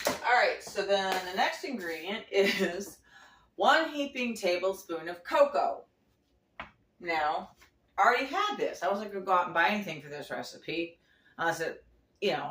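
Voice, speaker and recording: A woman demonstrates a home recipe on her cooking vlog, chatting loosely from her kitchen with lots of restarts and small laughs. Her medium-pitched voice is bright and forceful, and the sound is reverberant.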